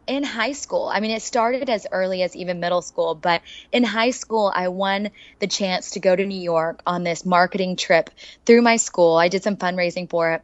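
A woman with an Oklahoma accent tells her story as an interview guest, chatty and animated. The sound is dry and a bit dull and lo-fi, with no room echo. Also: mid-range voice. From Oklahoma, USA.

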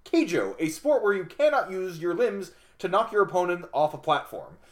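A man's voice: sits high, big pitch swings, moderate pace. A man co-hosting a casual podcast chat, rambling and self-deprecating, with plenty of fillers and restarts. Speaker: podcast co-host.

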